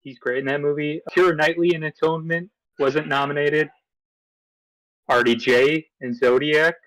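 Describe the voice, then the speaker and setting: A man's voice: mid-range voice, fairly bright tone, no room sound, rough recording. A man co-hosting a movie podcast in casual chat, easygoing, running through his picks from notes with fillers. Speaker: podcast co-host.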